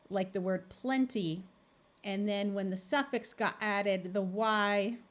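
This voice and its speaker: A woman tutor giving a recorded phonics lesson, explaining each step patiently and sounding words out clearly. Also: mid-range voice. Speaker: reading tutor.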